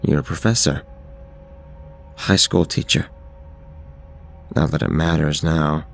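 A timid, embarrassed schoolteacher, played by a male narrator in a horror audio story. He talks hesitantly and apologetically, in a very deep, gravelly voice with little melody. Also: fairly even intonation, takes it slowly, faint music behind, full character voice. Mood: sheepish. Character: timid, embarrassed middle-aged male math teacher.

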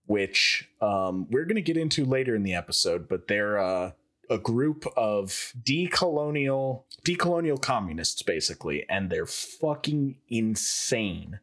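A man with a lower voice co-hosts a podcast, talking in a chatty, joking way. He rambles along with plenty of fillers in relaxed, casual chat. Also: unhurried. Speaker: podcast co-host.

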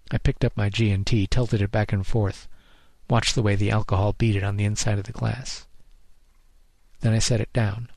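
A man narrating his own hard-boiled story in a measured, deadpan manner. His voice is gravelly and sits in a middle register, recorded close and dry with no room around it. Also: lowish voice, no echo. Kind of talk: first-person noir narration.

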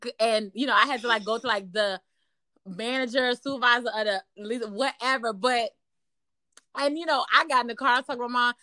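A young woman telling a story in casual chat, animated and laughing often as she acts out what people said. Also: on the high side, fairly quick, no echo. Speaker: podcast host telling a story.

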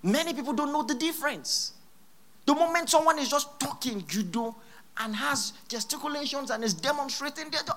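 A pastor preaching a sermon in church, emphatic and repeating key phrases, with sudden loud exclamations. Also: high-pitched, fairly quick, background noise.

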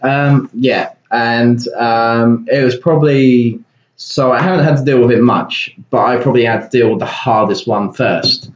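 A man's voice: medium pitch, a little slow. A young man, a podcast guest talking in a dry, understated way. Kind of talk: casual podcast chat. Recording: echoey room, dull lo-fi sound.

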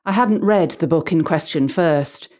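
A middle-aged woman reading a prepared personal account of her work as a volunteer audiobook narrator, measured and articulate with a gently humorous touch. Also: low-pitched.

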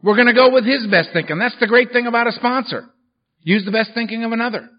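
A man's voice: very high voice, quick pace. A man giving a recovery workshop talk, telling his own story in a blunt, profane and humorous way, on a dull lo-fi recording. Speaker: workshop speaker at a recovery meeting.

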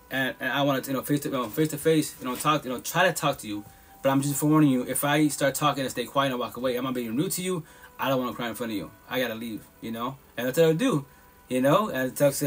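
Fast-talking husky man giving blunt advice. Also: medium pitch. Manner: blunt, profane, repetitive, fast and emphatic. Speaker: live podcast host. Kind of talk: casual heartfelt advice talk.

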